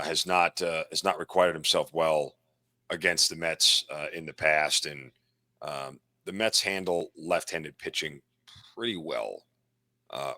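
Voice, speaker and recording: Male betting analyst, blunt, very deep voice, forceful tone. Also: no echo. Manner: blunt, self-deprecating, talks through stats. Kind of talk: casual sports betting talk.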